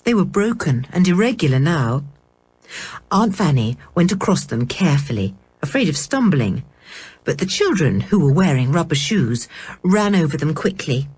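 A woman reading a children's storybook aloud in a measured, expressive way. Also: deep voice, slightly rough. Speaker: audiobook reader. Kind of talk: storybook narration.

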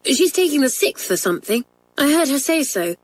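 A confident young schoolgirl speaking in a bright, high, breezy voice, as a woman reading aloud puts her on. She sounds sure of herself and reassuring, and her voice sits clearly above the narration. It is a storybook character voice. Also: sing-song, fairly quick.

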